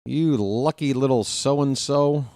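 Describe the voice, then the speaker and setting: A man's voice: medium pitch, takes it slowly, a little mellow, dry recording, studio quality. A man hosting a live stream, chatting casually and trash-talking his opponent in a playful way.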